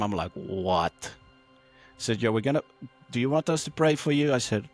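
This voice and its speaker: A man guest on a podcast telling a personal testimony in an animated way, acting out the voices he quotes, with many fillers and restarts. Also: medium pitch, fairly quick, soft background music.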